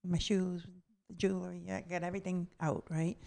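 A woman's voice: lowish voice, flat delivery, moderate pace, vocal fry, warm tone. Blunt, profane woman telling a comic story. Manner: blunt and profane, acts out the voices in her story. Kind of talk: comedic personal story told aloud.

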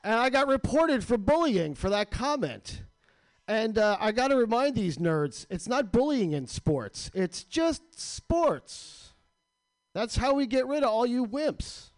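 A man's voice: very high voice, sing-song, moderate pace, no room sound. A man hosting a radio show, ranting with crude, sarcastic comedy in a studio.

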